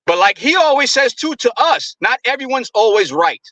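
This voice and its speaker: Man, high bright voice, earnest arguing, sports talk, dry sound. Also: big pitch swings, moderate pace, no echo, poor audio. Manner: earnest, argumentative, builds his case. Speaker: co-host. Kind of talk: casual sports podcast talk.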